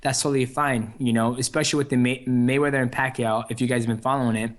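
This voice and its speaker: A man's voice: mid-range voice, steady tone, fast talker. A young adult man answering interview questions in an easygoing way, with many fillers and restarts. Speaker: interview guest, fighter. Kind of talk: casual phone interview.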